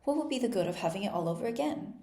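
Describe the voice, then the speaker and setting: Muddled old queen, read by a woman: fussy, excitable, mellow tone. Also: rapid-fire, roomy sound. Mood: matter-of-fact. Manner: fussy, excitable, rising into a squeak. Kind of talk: storybook read-aloud.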